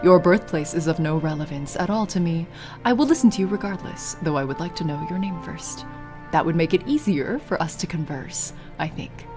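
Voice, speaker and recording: A woman voicing a gentle young priest, formal and measured. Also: sits low, music in the background, natural voice. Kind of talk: reading a visual novel aloud on stream.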